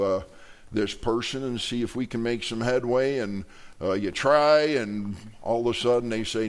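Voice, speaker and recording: A male pastor preaching from the pulpit in a middle-pitched voice. He talks in a loose, conversational way, stumbling over his words and restarting them. He slips jokes to the congregation between points. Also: moderate pace. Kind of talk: sermon. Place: church sanctuary.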